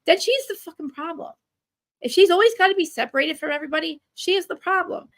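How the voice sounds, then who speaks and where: A woman ranting in casual chat, animated and profane, with many restarts. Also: very high-pitched, no room sound. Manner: rapid, profane, animated rant with frequent restarts. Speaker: guest commentator. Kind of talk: casual chat recapping a reality show.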